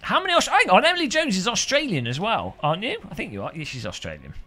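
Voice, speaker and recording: A man streaming a racing game live, joking with chat and commentating excitedly. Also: sits high, fast talker, breathy edge. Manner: excitable, jokey banter with chat. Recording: game engine noise behind voice.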